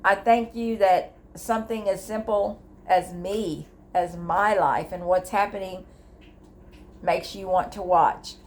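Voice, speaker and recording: Speaking slowly in a low-leaning voice with fairly even intonation, an older woman vlogs about grief to her device camera indoors at home. Her talk is candid and emotional, earnest and rambling, full of restarts as she opens up about her feelings.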